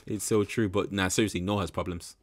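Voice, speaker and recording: A man's voice: sits low, fairly even intonation, a little fast. A young man giving rambling, frank commentary in a casual reaction video. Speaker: reaction channel host.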